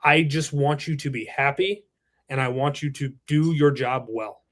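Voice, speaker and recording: Man in his thirties, fairly high-pitched voice, earnest and reflective, casual interview chat, salty language now and then. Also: normal speed, fairly bright tone. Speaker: roofing company president, podcast guest.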